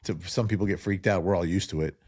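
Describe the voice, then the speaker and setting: A middle-aged man from New Jersey, a podcast guest telling lively stories in casual chat and acting out the people he quotes. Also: deep voice, quick pace, breathy edge, no room sound. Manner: animated storyteller who acts out quoted voices.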